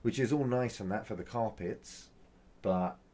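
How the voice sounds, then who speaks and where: A man's voice: lowish voice, a little slow, a little mellow. A young man chatting casually in a vlog, rambling and grumbling, with lots of fillers, restarts and mild swearing. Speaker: vlogger.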